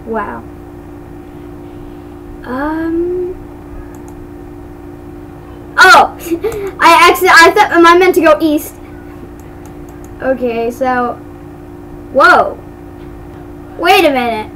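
A woman's voice: very high-pitched, expressive, very slow, pauses often, bright, forceful tone, a little hiss or hum, low-quality recording. A woman giving casual commentary while playing a game, chatty and giggly, tripping over her words. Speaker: gamer.

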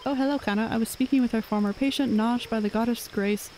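A woman reading the lines of a kindly female healer in a video game, gentle and pleading. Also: fairly high pitch, fairly even intonation, fast talker, a little hiss or hum, lightly acted, rough recording.

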